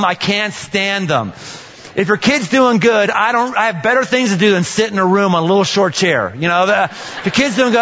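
A man preaching a sermon as a pastor, animated and joking, acting out little scenes and voices. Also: sits high. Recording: dull sound with long hall reverb.

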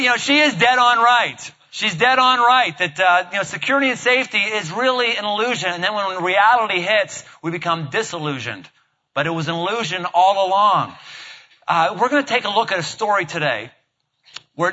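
A man's voice: high-pitched, bright, forceful tone, highs cut off. A man preaching a sermon from a church stage, joking with the congregation in a casual, conversational way. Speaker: pastor.

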